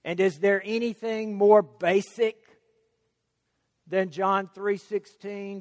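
A man's voice: high voice, little pitch movement, takes it slowly, dry recording, big-room sound. A man preaching a sermon, emphatic and stressing key words by repeating them.

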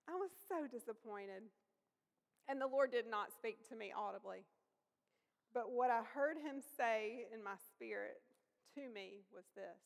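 A woman preaching a sermon, telling a personal story in a conversational, lively way. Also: a little high, a little slow. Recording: long reverb of a large hall.

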